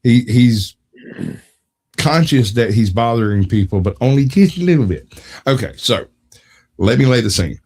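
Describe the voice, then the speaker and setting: A man co-hosting a casual podcast, telling a long anecdote in an animated way, swearing freely and breaking into laughter. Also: mid-range voice, a little slow, pauses often, husky. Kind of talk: casual storytelling chat.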